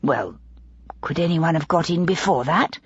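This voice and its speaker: A woman's voice: deep voice, lively intonation, moderate pace, husky, no room sound, highs cut off, exaggerated voice. A woman doing an eager genteel young lady. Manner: eager, hushed questioning. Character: genteel young woman posing as a maid, curious.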